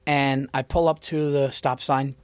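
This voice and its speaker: A man's voice: medium pitch, level tone, a little slow, clear, resonant tone, dry recording. A man from the New York suburbs hosting a podcast, telling a long story in a rambling way and acting out quotes. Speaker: podcast host. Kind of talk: casual chat, storytelling.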